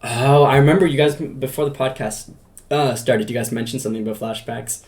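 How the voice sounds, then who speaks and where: A man's voice: medium pitch, fairly even intonation, brisk, a little mellow. A man hosting a casual podcast interview, asking rambling questions and laughing easily. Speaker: podcast host.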